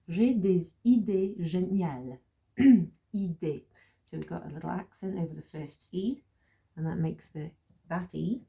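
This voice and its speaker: A woman teaching a French lesson in a relaxed, explaining way, repeating phrases slowly and laughing at her own slips. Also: on the low side, gravelly, breathy edge.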